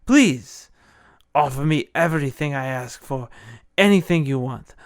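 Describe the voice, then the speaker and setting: A man voicing a cornered nobleman villain who pleads in a rushed way. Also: mid-range voice, lively intonation, bright, forceful tone, no echo, clean studio sound, exaggerated voice. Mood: pleading. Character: cornered nobleman villain begging for his life.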